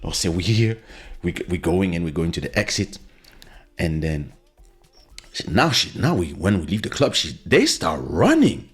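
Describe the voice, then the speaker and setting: A man hosting a podcast, telling a story in a casual, animated way, acting out quotes and slipping into French phrases. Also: deep voice, moderate pace, husky, faint music behind. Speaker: podcast host.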